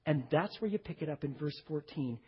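A male pastor preaching a sermon, emphatic, dropping to hushed low phrases and speaking straight to his congregation. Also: animated, brisk, husky. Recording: dull recording with long hall reverb.

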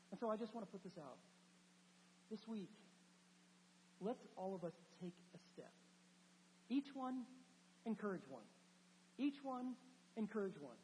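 A male pastor with a high, light voice delivers a sermon, slipping into lively storytelling with chatty asides. His voice rings through a church sanctuary with a long reverb tail. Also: slight background noise. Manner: animated storytelling, conversational asides.

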